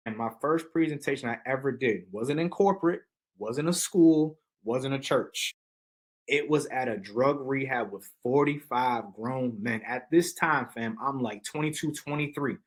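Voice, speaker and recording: A man who is a podcast guest and motivational speaker, telling stories in a lively, slangy, preacher-like way. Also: medium pitch, unhurried, slightly rough, poor audio. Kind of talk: energetic storytelling in casual chat.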